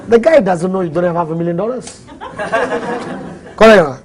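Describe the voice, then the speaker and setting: High-voiced Malaysian man teaching a seminar. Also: normal speed. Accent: Malaysian English. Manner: animated, jokey, acts out little dialogues. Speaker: network marketing trainer. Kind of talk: live seminar talk.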